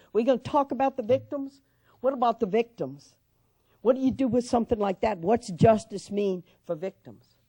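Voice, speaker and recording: An older woman speaks from a lectern, her voice mellow and warm rather than bright. The sound is close and dry, with little room around it. She tells her stories with earnest conviction and turns them into pointed questions for the audience. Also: fairly low pitch, no echo. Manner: earnest storytelling, rising to urgent questions. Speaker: speaker at a civic forum. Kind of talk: public speech. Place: lecture hall.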